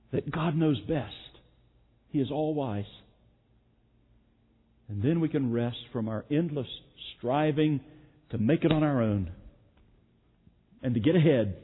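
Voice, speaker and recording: A man's voice: medium pitch, slightly rough. Earnest male preacher in an echoey hall. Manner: earnest, emphatic, repeats key phrases. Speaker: pastor. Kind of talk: sermon. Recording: echoey hall, phone-like sound.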